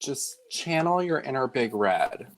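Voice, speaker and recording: A man co-hosting a casual live stream, tossing in quick, offhand quips. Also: mid-range voice, very animated, rough recording.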